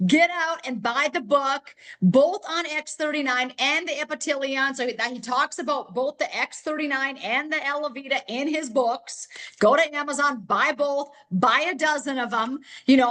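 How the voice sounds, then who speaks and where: Brief: high-pitched woman host, effusive and excitable, quick gushing delivery. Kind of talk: enthusiastic online sales chat.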